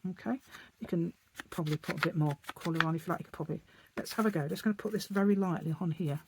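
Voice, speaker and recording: A woman's voice: lowish voice, quick pace, a little mellow, a little hiss or hum. A middle-aged woman chatting casually through a craft tutorial at her desk, rambling and laughing often. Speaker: craft channel host.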